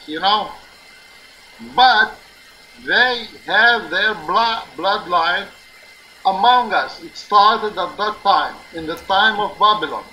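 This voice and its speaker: A man's voice: high voice, pushed and bright, a little hiss or hum, poor audio. A man hosting a live religious talk show, explaining earnestly and insistently, often checking in with "okay?". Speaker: live-stream show host. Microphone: live stream or call-in line.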